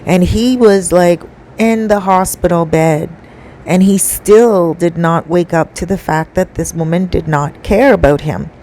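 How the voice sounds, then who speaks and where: A woman's voice: fairly low pitch, unhurried, dark tone, rough recording. A woman telling a story in a chatty, casual way, full of fillers and asides. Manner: chatty, conversational with many fillers.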